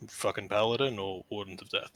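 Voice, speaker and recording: A man's voice: on the low side, fairly even intonation, a little fast, fairly bright tone, no echo. A man playing his character at a tabletop game, blunt and sardonic. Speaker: player.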